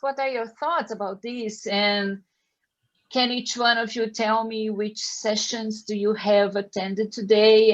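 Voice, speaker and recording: A woman's voice: medium pitch, highs cut off. An older woman from Brazil, hosting a casual panel chat over a video call and inviting each guest to speak. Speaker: panel host, veterinary professor.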